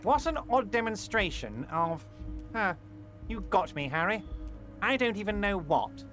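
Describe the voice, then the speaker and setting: An actor playing a smug, smooth-talking union boss in a video game, patronizing and falsely soothing. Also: male voice, high voice, sing-song, unhurried, fairly bright tone, heavily acted. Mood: falsely reassuring. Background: faint game music.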